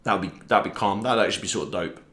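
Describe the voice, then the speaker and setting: A young man rambling through a deadpan, self-deprecating comic monologue, pitching silly character ideas. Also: quick pace. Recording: roomy echo.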